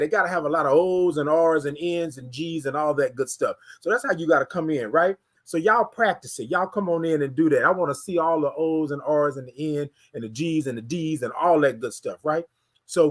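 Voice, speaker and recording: Man, morning livestream host, higher voice, hypes the chat. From Houston, Texas. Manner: energetic, hypes the chat, drawn-out sung greetings. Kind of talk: casual livestream chat greeting viewers.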